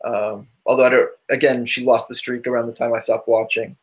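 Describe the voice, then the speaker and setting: A man's voice: medium pitch, level tone, fairly quick. A man co-hosting a podcast in casual chat, rambling and loose, full of asides. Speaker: podcast co-host.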